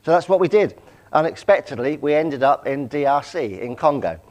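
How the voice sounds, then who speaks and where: A man's voice: a little high, expressive, moderate pace, a little mellow, muffled recording. A man in his sixties from Southampton, giving a personal testimony talk as a guest speaker, anecdotal with self-deprecating humour. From England, Southampton. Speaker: guest speaker, charity chief executive.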